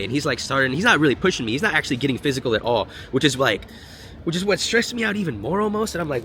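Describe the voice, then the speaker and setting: A young man telling a storytime vlog in an animated, slangy and profane way. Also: on the high side, rapid-fire, a little hiss or hum. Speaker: vlogger.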